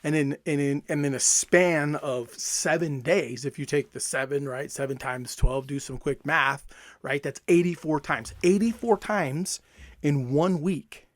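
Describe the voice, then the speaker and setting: A man giving an energetic, emphatic motivational talk, repeating phrases for effect. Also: a little high, a little slow, no room sound. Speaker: self-help coach.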